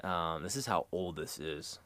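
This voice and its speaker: A man with a fairly low voice rambles through his own show and chuckles along the way. He slips in crude asides as he talks. The sound is dry, with no room around it. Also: a little slow, bright, forceful tone, dry recording. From United States. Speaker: host. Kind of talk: rambling casual monologue.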